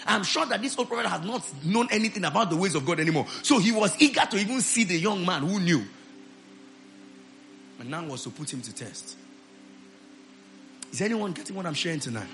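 A male pastor preaching a sermon to his church, rising into loud shouted declarations of prayer. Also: sits high, animated, fairly quick, long pauses, soft background music.

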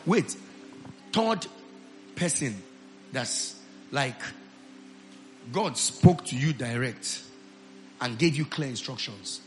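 A male pastor preaching a sermon to his church, rising into loud shouted declarations of prayer. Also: mid-range voice, sing-song, slow pace, long pauses, soft background music.

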